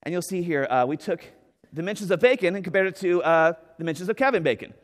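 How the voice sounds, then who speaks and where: An animated man with a high-pitched voice talks fast while delivering an energetic keynote in a large conference hall. He's enthusiastic and jokey, often saying "right?" and using fillers. The recording is echoey with long reverb.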